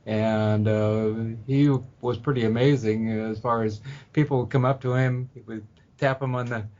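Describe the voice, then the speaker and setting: Man talking slowly, full of uhs, lo-fi. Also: mid-range voice, fairly even intonation. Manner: unhurried, many ums and uhs, soft laughs. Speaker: guest spiritual teacher. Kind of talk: relaxed interview talk. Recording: dull lo-fi audio.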